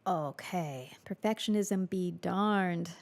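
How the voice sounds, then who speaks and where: A woman's voice: fairly low pitch, slow, vocal fry, echoey room, big-room sound, slight background noise. Woman chatting through a music session. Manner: chatty, self-deprecating, talks to herself while working. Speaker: musician livestreaming a songwriting session. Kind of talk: casual livestream chat while recording. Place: home music studio.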